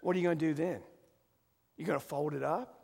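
A man preaches a sermon in a folksy manner that swells into emphatic calls. His voice is gravelly and a little husky, set slightly high for a man. A long reverb from the sanctuary trails each phrase. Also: steady tone, brisk, a little mellow. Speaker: pastor.

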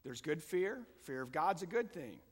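A man preaching a sermon as pastor, moving between calm teaching and loud, fervent passages. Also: fairly high pitch, moderate pace, breathy edge. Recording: long hall reverb.

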